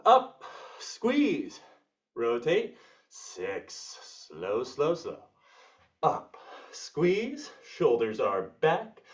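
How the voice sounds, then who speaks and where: A man leading a live workout class as fitness instructor, counting reps and joking with the class, with bursts of high whoops. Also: huge pitch swings, very slow, far from the mic, muffled recording.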